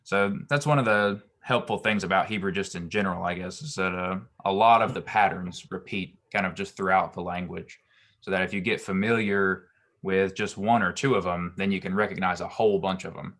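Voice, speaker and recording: In an online grammar lesson, a Hebrew teacher with a somewhat low voice walks through verb forms patiently and calmly. He frequently pauses on an um or restarts a phrase before continuing.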